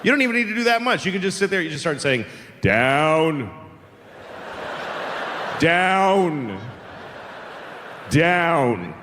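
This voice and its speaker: Animated male stand-up comic in a hall. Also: high voice, rapid-fire, hardly any pauses, background noise. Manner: animated, acts out characters and sound effects. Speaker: stand-up comedian. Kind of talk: live stand-up comedy. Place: large live comedy venue. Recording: reverberant live venue with faint ambience.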